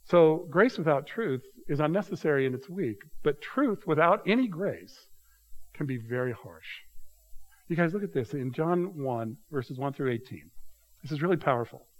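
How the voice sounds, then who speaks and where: A man's voice: a little high, lively intonation, normal speed, low-quality recording. A man preaching a sermon as pastor, reading scripture aloud with rising emphasis and talking straight to his congregation. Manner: addresses congregation directly as "you guys".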